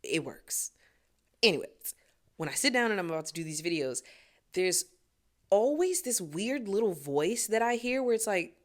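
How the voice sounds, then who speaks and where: A woman's voice: medium pitch, normal speed. A young woman singer talking casually to her viewers, recorded on her phone, laughing often as she reflects. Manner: animated, laughs often, talks to viewers directly. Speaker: singer and vlogger. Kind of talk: casual reflective vlog to camera.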